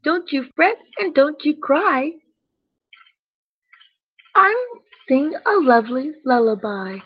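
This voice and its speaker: A woman's voice: sits high, animated, slow pace. A woman voicing a kindly, motherly female duck in a storybook, soothing and rhyming in a sing-song way, on a dull lo-fi recording.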